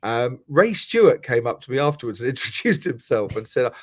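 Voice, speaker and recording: A man's voice: medium pitch, sing-song, fairly quick, no echo, clean studio sound. Chatty storytelling middle-aged Englishman. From England. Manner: chatty, storytelling, many restarts. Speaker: guest, motorsport commentator. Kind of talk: casual podcast chat.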